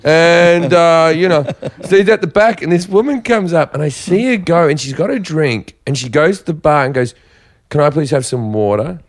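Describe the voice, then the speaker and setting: A man's voice: a little high, moderate pace, few pauses. A man, a comedian co-hosting a podcast, telling rambling anecdotes in casual chat with blunt swearing.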